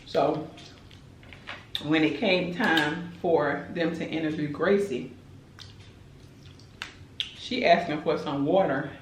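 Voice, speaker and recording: A woman's voice: sits low, takes it slowly, pauses often, roomy sound, slight background noise, low-quality recording. A woman tells a dramatic story in casual chat while eating on camera. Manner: animated, chatty, dramatic retelling. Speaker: mukbang host.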